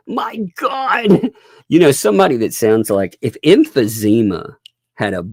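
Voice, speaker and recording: A man's voice: medium pitch, very animated, a little slow, no room sound, studio quality. A man giving live-stream commentary, ranting and laughing as he mocks other streamers. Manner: laughing, mocking, exasperated rants.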